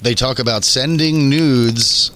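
A man giving a short, measured scripted introduction to a podcast segment. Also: mid-range voice, fairly bright tone, a little hiss or hum. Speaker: segment announcer.

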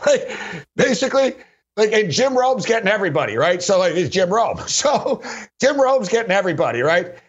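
A man's voice: high voice, very animated, normal speed, pauses often, husky. A man hosting sports radio, telling a rambling story with frequent laughs and lots of "like". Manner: rambling, laughing often, heavy use of "like". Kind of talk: casual anecdotal storytelling. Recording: dull lo-fi recording.

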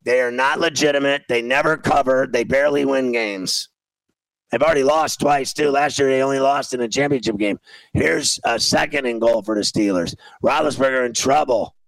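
A man's voice: medium pitch, normal speed, vocal fry, no echo, rough recording. A man hosting a sports talk show, ranting in exasperation about a game as he watches it and repeating himself. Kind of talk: casual sports radio chat while watching a game.

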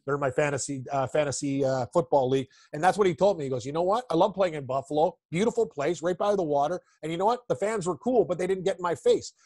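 Blunt, excitable man from Toronto. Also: on the high side, quick pace, few pauses, no echo, clean studio sound. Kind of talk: casual sports chat.

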